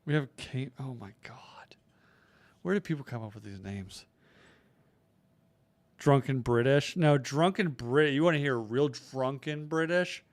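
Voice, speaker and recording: A man's voice: mid-range voice, measured pace, pauses often. An American man co-hosting a comedy podcast, chatting casually, joking and swearing. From United States. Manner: jokey, swearing, drops into put-on voices. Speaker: podcast co-host.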